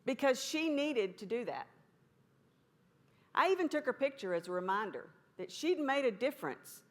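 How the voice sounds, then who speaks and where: A woman giving a conference talk, telling a story in a folksy, humorous way. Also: on the high side. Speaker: conference speaker.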